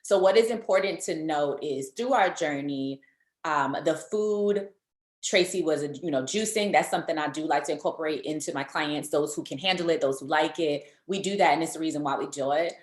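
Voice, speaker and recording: A woman nutrition coach hosting an interview, explaining her approach step by step in a measured way. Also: low-pitched. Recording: echoey room.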